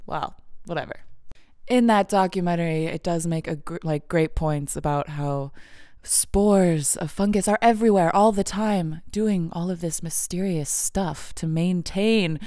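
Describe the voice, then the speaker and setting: A woman's voice: deep voice, normal speed, darkish tone, dry recording. Woman, casual rambling monologue, filler-heavy, frequent laughter, dry close sound.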